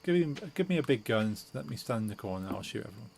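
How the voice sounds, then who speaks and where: A man's voice: fairly low pitch, big pitch swings, very fast, vocal fry, darkish tone, a little hiss or hum. A man streaming a game, chatting casually and hesitantly with lots of fillers and restarts. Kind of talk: casual gaming chat.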